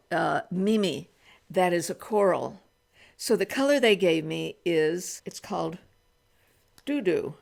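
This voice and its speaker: Gravelly-voiced woman in her eighties. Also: on the low side. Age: 80s. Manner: chatty, thinks aloud, many restarts while applying makeup. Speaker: beauty vlogger. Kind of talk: casual makeup try-on vlog. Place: small room at home.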